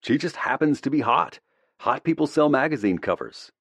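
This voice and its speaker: A man voicing a young male football player who is excited, brash and tactless. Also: mid-range voice, normal speed, gravelly, breathy edge, dry recording, voice pushed up. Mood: eager.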